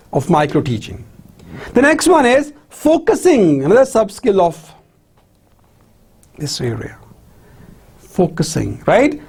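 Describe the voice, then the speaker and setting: Lecturer, slow and lively pitch, keeps asking "right?" and "clear?". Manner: constant checking questions like "right?" and "clear?"; asks questions and then answers them. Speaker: university lecturer. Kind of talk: classroom lecture on teaching skills.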